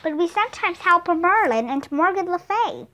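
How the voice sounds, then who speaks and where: A chatty, fearless little girl of nine, as a woman reader puts her on. She talks high and excitedly, and her pitch leaps all over. It is a lively storybook child voice. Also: moderate pace, exaggerated voice.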